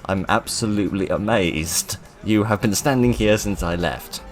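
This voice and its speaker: A man giving let's play commentary, excitable and self-mocking, reading game lines aloud in put-on voices. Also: on the low side, moderate pace, hardly any pauses, soft background music. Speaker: gaming video host.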